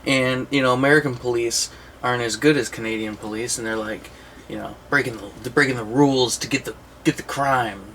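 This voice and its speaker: A man's voice: medium pitch, fairly even intonation, brisk, fairly bright tone, a little hiss or hum, low-quality recording. A man co-hosting a casual movie collection chat, telling long rambling stories and laughing at his own jokes. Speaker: co-host of a movie collection show.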